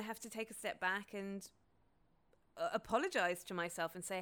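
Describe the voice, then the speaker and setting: A woman's voice: medium pitch, normal speed, a bit bright, clean tone. Sweary, candid woman podcaster. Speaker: podcast host. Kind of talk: casual personal monologue.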